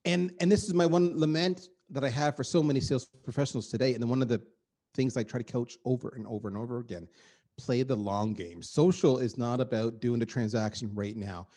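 A middle-aged man, a guest on a podcast, talking in an energetic and emphatic way and repeating words for effect. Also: medium pitch, a little fast. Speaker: guest, marketing executive. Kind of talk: animated podcast conversation.

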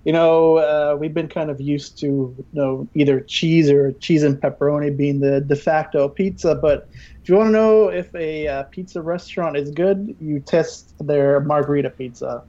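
A man's voice: on the high side, fairly even intonation, normal speed, warm tone, highs cut off. A man, a podcast guest, doing playful mock cooking-show patter, rambling with lots of restarts. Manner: jokey, rambling with many restarts.

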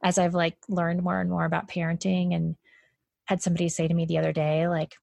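A woman's voice: lowish voice, little pitch movement, a little fast, creaky, darkish tone, no room sound. Woman, podcast guest, casual chat, filler-heavy, laughs often, dry recording. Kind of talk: casual conversation.

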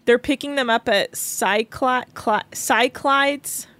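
Woman podcast co-host, casual recap talk, fairly high voice, dry booth sound. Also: takes it slowly, fairly bright tone, no echo. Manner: chatty, laughs often, lots of "like".

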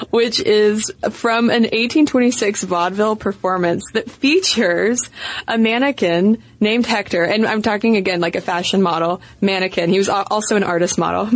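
A woman co-hosting a casual history podcast, playful and quick to laugh, sometimes singing out quotes. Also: medium pitch. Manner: playful, laughs often, breaks into sung quotes. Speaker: podcast co-host. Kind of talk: casual conversational history chat.

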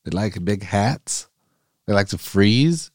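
Man, soccer podcast host, casual chat, profane, rambling, low voice, dry sound. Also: expressive, slow, no room sound. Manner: profane, rambling, goes off on tangents.

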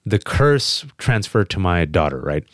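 A man as an interview guest, telling a personal story with emphatic, quick restarts. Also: sits low, dry recording, studio quality. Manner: emphatic, fast restarts, animated quotes. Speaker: guest on a podcast.

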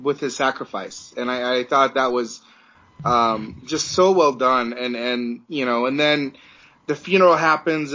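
A man chats as a podcast co-host, mid-pitched and heartfelt. He rambles and restarts his sentences often, and the sound is dull and lo-fi. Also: bright, forceful tone. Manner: emotional, rambling with many restarts. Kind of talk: casual chat.

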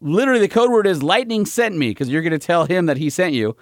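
Male podcast host, brisk upbeat ad-read delivery, slightly high voice; dry close mic, faint music. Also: expressive, no room sound. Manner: upbeat, brisk pitchman on ad reads, teasing. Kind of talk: casual chat and live ad reads. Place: small cramped room.

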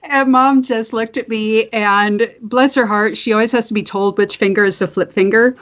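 A woman's voice: on the high side, steady tone, normal speed, muffled recording. A woman co-hosting a podcast in casual chat, telling stories, laughing often and swearing freely. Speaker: podcast co-host.

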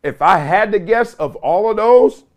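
Middle-aged guy hosting a sports podcast, slangy and animated, voice bouncing up and down, a bit on the high side. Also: measured pace. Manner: animated, slangy, laughs often, mimics others in quotes. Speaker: podcast host. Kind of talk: casual sports commentary.

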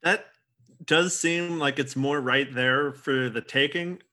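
A man chats casually on a film podcast, self-deprecating and quick to giggle. His voice is bright and a little sharp, at a middling pitch. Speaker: podcast co-host.

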